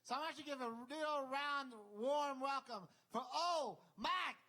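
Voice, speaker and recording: A man with a Southern US accent hosting a live comedy show, loose and halting as he introduces comics. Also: very high-pitched, sharp tone. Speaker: show host. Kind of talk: emceeing a comedy open mic. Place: comedy club stage, live.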